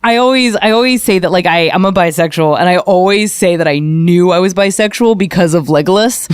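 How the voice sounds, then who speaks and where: A woman's voice: fairly low pitch, fairly quick, clear, resonant tone, no echo, studio quality. A young woman on a podcast, telling crude comic stories with lots of acted-out voices. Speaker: podcast guest. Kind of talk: casual comedic chat.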